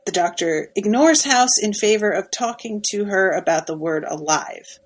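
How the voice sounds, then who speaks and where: A woman's voice: medium pitch, lively intonation, moderate pace, few pauses, low-quality recording. A woman co-hosting a podcast, casually recapping a TV episode in an emphatic, sympathetic way with lots of fillers. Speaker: podcast co-host.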